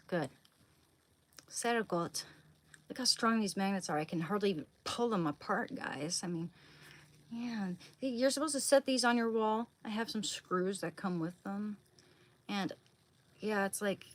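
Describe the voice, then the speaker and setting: A woman livestreaming from her kitchen at home, cooing and whispering softly to her dog and chatting loosely with viewers. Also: mid-range voice. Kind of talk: casual livestream chat. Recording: clear steady background noise.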